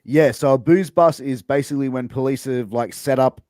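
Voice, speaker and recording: A man's voice: medium pitch, moderate pace, a little mellow, no room sound, clean studio sound. An Australian man hosting a casual interview, playfully quizzing his guest on slang and explaining each word with an example. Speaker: host.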